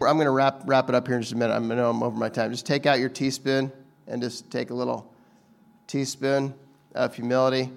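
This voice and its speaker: A man's voice: medium pitch, creaky. A man giving a casual, conversational sermon, talking informally with frequent restarts and asides to the audience. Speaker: preacher.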